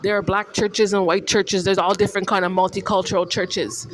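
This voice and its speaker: A woman's voice: mid-range voice, level tone, brisk, crowd noise. A woman delivering an indignant, repetitive, confrontational monologue as a vlogger. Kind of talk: rambling monologue to camera.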